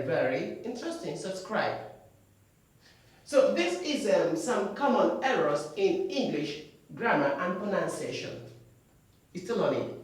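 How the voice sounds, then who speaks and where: An English teacher drilling pronunciation, repeating each word slowly in a lesson. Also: mid-range voice, heavy reverb, distant mic. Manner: slow, drawn-out repetition of words.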